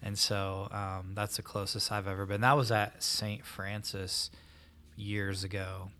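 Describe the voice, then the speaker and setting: A man interviewing in a relaxed way, asking hesitant questions with fillers. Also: fairly low pitch, unhurried. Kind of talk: casual interview.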